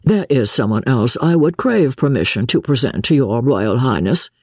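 A courteous nobleman makes formal, deferential introductions, as a woman reads him in a storybook. The voice is husky and lively in pitch. It sounds close and dry. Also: normal speed, no room sound, exaggerated voice.

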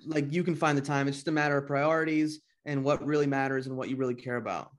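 A man's voice: medium pitch, steady tone, fast. A man co-hosting a podcast interview, talking casually and bluntly, swearing freely. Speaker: podcast co-host.

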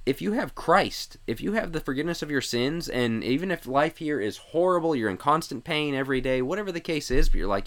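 A man co-hosting a Christian podcast, talking in an animated way and acting out the voices he quotes. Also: medium pitch. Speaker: podcast co-host. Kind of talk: casual Christian podcast discussion.

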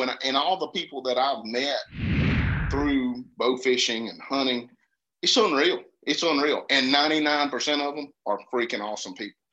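A man from Georgia with a Southern accent, telling hunting stories in an earnest, animated way in casual conversation. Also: mid-range voice. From Georgia, USA. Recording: dull lo-fi sound.

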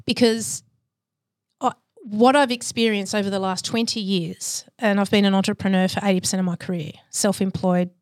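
A woman in her forties, a podcast guest telling her life story in a candid, reflective, measured way. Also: medium pitch, steady tone, no room sound, clean studio sound.

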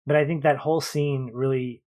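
In a relaxed film discussion, this male podcast co-host develops his arguments in long, reflective stretches. His voice is medium-pitched, a little mellow and fairly even in intonation, and he speaks a bit quickly.

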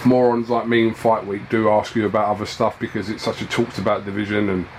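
A man's voice: fairly low pitch, flat delivery, quick pace, slight background noise, rough recording. Chatty self-deprecating male interviewer. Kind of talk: casual fight-week interview.

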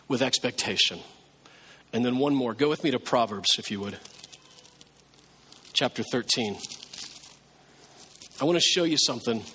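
A pastor preaching a sermon in a relaxed, conversational way, now and then acting out pleading prayers. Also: male voice, medium pitch, husky, long reverb tail.

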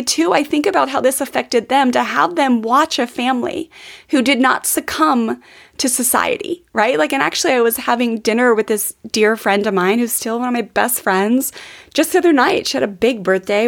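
Earnest gravelly-voiced woman podcaster. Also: a little high. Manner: earnest, warm-hearted, with frequent fillers like "um" and "like". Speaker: podcast host. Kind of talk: heartfelt personal storytelling.

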